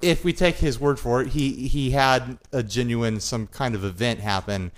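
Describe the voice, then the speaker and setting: A man co-hosts a casual podcast and drops joking asides and short interjections into the talk. His voice sits at an ordinary middle pitch for a man. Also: moderate pace. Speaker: podcast co-host. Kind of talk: casual chat.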